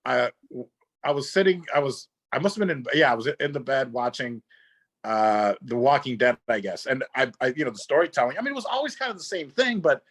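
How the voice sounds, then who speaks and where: A man's voice: mid-range voice, expressive, brisk. A man co-hosting a casual talk show, telling jokey, self-deprecating anecdotes.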